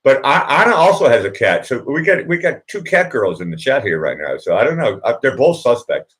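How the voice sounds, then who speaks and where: A man's voice: mid-range voice, very animated, fairly quick, a bit bright. A man hosting a live stream show, chatting casually with lots of fillers and jokes. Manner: rambling, jokey, lots of fillers. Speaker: show host.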